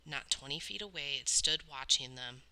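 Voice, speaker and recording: A woman's voice: rumbling low, moderate pace, bright, forceful tone, rough recording. A woman reading a novel aloud with dramatic storytelling. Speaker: audiobook reader. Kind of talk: read-aloud novel narration.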